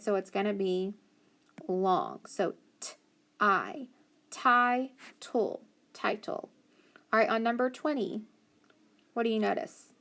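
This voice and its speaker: Woman teacher doing phonics w kids, sounds out letters slow, lots of very good. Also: medium pitch. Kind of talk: phonics lesson for children.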